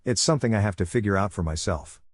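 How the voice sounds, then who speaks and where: A man voicing a tired young male ninja who answers quietly and evasively. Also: lowish voice, quick pace, dry recording, clean studio sound, natural voice. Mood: weary.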